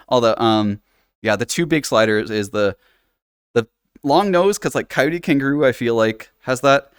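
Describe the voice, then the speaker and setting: This is a livestreamer at home in virtual reality, chatting in a rambling way with lots of fillers and restarts, often laughing and tossing in casual swears. His voice is smooth and mid-range, with lively intonation and a measured pace, captured at studio quality with no echo.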